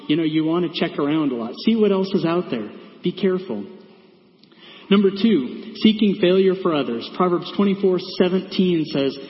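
A man giving a conversational sermon in a church, with many fillers and asides. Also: on the high side. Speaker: preacher. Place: church sanctuary. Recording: echoey church hall, dull sound.

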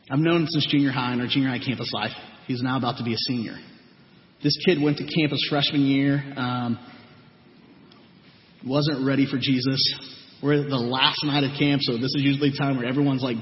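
A man speaking to a gathering, earnestly recounting stories about teens and voicing their words. His voice echoes around a large hall, and the sound is dull and lo-fi. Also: medium pitch. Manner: earnest storytelling, acts out quoted people. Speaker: youth ministry leader. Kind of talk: testimony talk to a gathering.

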